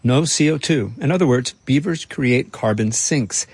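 A man reporting and narrating a radio feature in a measured, dry storytelling delivery. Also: medium pitch, lively intonation, a little mellow, husky. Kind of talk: scripted narration.

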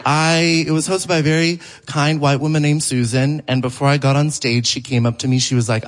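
A man's voice: fairly quick, hardly any pauses. Playful man doing stand-up on stage. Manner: animated, playful, shifts into high mock voices. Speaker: stand-up comedian. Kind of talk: live stand-up set. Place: theater stage before a live audience. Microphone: stage microphone.

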